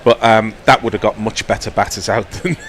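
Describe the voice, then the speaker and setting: A middle-aged man with a Scouse accent, co-commenting on cricket in a wry, measured way. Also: fairly low pitch, fairly even intonation, fairly bright tone, a little hiss or hum. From Liverpool. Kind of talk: relaxed commentary chat.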